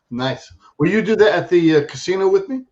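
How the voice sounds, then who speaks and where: A man's voice: high-pitched, sing-song, normal speed. A man hosting an interview, joking and hurrying his guest along. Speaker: host. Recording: dull lo-fi audio.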